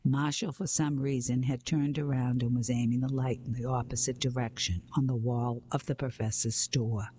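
A man reading a children's mystery story aloud in a steady storytelling way, sometimes going back to reread a phrase. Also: medium pitch, normal speed, few pauses, slight background noise. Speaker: narrator.

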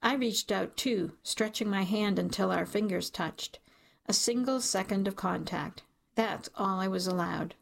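A woman reading an audiobook in the first person, measured and emotional in her storytelling. Her voice has a gravelly edge at a middling pitch. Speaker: audiobook narrator.

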